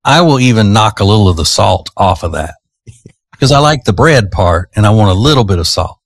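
A man co-hosts morning radio from the studio in a relaxed, easygoing way, laughing often. His voice sits a little low, and the sound is dry and close. He tells casual stories at an unhurried pace. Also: gravelly, dry recording. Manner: laid-back, laughs often. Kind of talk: casual morning show banter.

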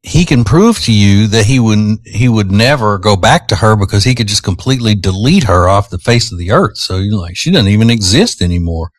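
A man's voice: lowish voice, a little fast, hardly any pauses, no room sound. A man, hosting a morning radio show and chatting in a teasing, opinionated, rambling way. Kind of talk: casual morning-show chat. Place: radio studio. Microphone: studio microphone.

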